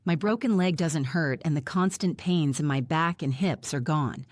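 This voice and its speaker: A woman narrates a first-person survival novel in an even, plain manner. Her voice sits somewhat low. She is close to the mic, and the recording is dry with no room echo. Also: normal speed. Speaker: audiobook narrator.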